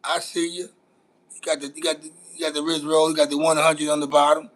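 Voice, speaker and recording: A brash man with a Los Angeles accent hosts a casual live-stream chat. His voice sits a bit higher than most men's. He teases viewers in loose, profane banter. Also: level tone, brisk, a bit bright. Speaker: host.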